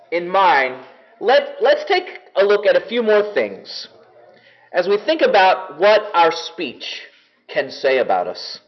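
High, lively-voiced male preacher. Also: dull audio. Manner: earnest, measured with slowed emphasis. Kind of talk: sermon.

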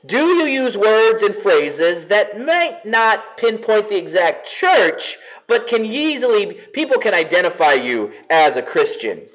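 A man preaching a sermon to a congregation, earnest and measured, slowing down to stress key words. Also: sits high, big pitch swings, muffled recording. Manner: earnest, measured with slowed emphasis.

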